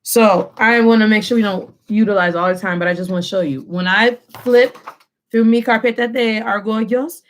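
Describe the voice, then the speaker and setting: A woman teaching a Spanish lesson, switching between English and Spanish and slowing down to stress key phrases. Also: medium pitch, steady tone. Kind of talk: classroom lesson.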